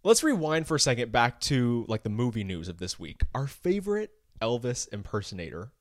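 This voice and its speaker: A man co-hosting a casual celebrity gossip podcast, joking and conspiratorial, telling animated stories. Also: mid-range voice, brisk, no room sound, clean studio sound. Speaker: podcast co-host.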